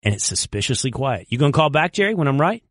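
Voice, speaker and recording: Male sports radio host with a bouncy, expressive voice, sarcastic and combative, dry close sound. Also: medium pitch, fast talker, dry recording.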